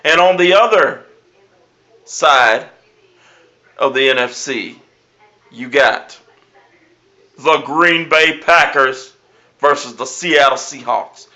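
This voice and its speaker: Guy doing a sports vlog, loud bold picks, keeps repeating himself, bright punchy voice. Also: on the high side. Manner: brash, emphatic predictions; repeats catchphrases. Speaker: sports show host. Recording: dull lo-fi recording.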